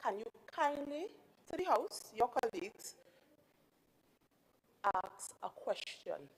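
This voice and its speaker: A woman chairing a parliamentary sitting as presiding officer, firm and measured. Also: on the high side, very animated, husky, rough recording. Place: legislative assembly chamber.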